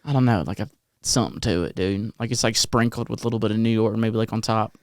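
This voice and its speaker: A man's voice: fairly low pitch, steady tone, fast talker, a little mellow, dry recording, studio quality. A man hosting a podcast in a laid-back, swear-heavy way with a light Louisiana accent, laughing often. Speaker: podcast host. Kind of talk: casual chat.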